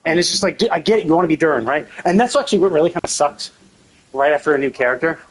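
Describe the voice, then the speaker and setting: A man's voice: fairly high pitch, expressive, very fast, slight background noise. A male streamer doing live gameplay commentary, ranting with exasperation and plenty of swearing.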